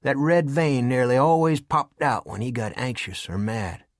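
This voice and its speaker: A man narrating an audiobook in an even, steady storytelling voice of middle pitch. The sound is dry and close, with no room around it. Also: moderate pace, dry recording. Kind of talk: scripted narration.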